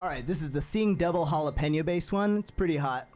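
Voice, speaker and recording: A man's voice: fairly high pitch, fast, a little mellow. A man playing song requests on guitar during a charity stream, chatting casually and laughing at himself. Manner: chatty and self-deprecating, often laughing. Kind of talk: casual live-stream chat. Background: his own guitar playing.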